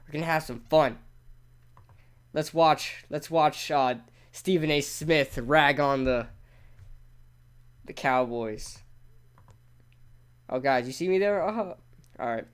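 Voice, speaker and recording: A man hosting a casual live sports talk stream, excitable and talking straight to his chat. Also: on the high side, slow, pauses often, smooth. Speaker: sports talk show host.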